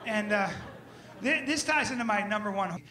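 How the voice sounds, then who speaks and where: Rambling stand-up comedian, high voice. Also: male voice, normal speed, a crowd in the background. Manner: loose, rambling with frequent "okay?" and "you know".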